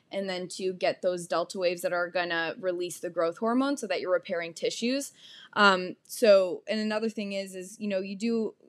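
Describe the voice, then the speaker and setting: A young woman hosting a solo fitness podcast, talking casually with frequent "um" and "you know" fillers. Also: mid-range voice. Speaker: podcast host and fitness coach.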